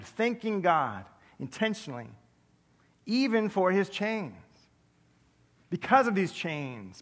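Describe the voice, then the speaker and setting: Pastor, male, conversational sermon with self-mocking asides; slightly high voice, big reverberant hall. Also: a bit bright. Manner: conversational, self-deprecating humor with quick asides. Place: large church sanctuary.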